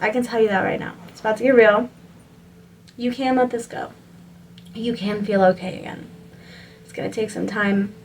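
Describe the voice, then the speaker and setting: A woman's voice: medium pitch, fairly even intonation, moderate pace, long pauses, a little mellow, far from the mic, slight background noise, low-quality recording. Earnest young woman giving spiritual encouragement. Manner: earnest and encouraging, rambling with many "like"s. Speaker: spiritual reader. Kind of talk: motivational spiritual reading to camera.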